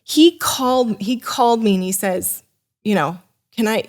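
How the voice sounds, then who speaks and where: A young woman tells a personal story as a podcast guest, talking in a loose, animated way. She circles back and restarts her sentences often, and she slips into quick voices for the people she quotes. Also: medium pitch. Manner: animated, rambling with many restarts and fillers. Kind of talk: casual storytelling.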